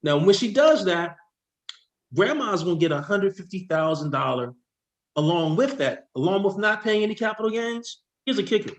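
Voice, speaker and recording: Tax guy gets all fired up explaining stuff, slightly high voice, roomy echo. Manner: excitable, rushing, self-interrupting. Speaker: tax expert guest. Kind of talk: explaining with slides. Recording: echoey room.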